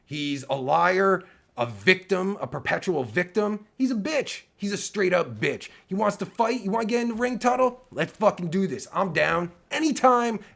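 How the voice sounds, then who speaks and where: A man ranting angrily and profanely on his livestream, heated and full of fillers, with a raspy voice. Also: high voice, animated, moderate pace, a bit bright. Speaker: streamer and podcaster. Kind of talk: angry livestream rant.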